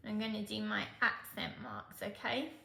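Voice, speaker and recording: A woman's voice: medium pitch, steady tone, moderate pace, vocal fry, pushed and bright. Patient woman teaching Spanish, roomy sound. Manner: patient, explains step by step, checks in with "okay?". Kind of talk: exam tutorial.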